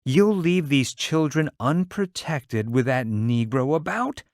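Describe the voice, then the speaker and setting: A man's voice: on the high side, animated, slow pace, no room sound, studio quality, pitched above the performer's own voice. A man reading aloud, voicing an anxious middle-aged mother who complains and reproaches. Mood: fretful. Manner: querulous, reproachful.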